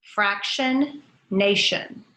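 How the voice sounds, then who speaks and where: A woman teacher leading a phonics lesson for young children, saying each word slowly and clearly for the class to repeat. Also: medium pitch, pushed and bright. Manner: slow, clearly enunciated word drills. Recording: roomy echo.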